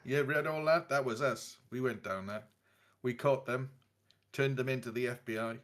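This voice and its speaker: A man at a tabletop game, talking loosely and playfully as his character. His voice is mid-pitched and unforced, in an easy conversational flow. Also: moderate pace, a bit bright. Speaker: player.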